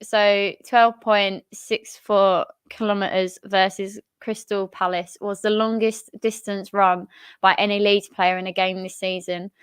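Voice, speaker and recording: A woman's voice: mid-range voice, clear, resonant tone, no echo. A woman co-hosting a casual football chat show, laughing often and using plenty of fillers. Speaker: podcast co-host.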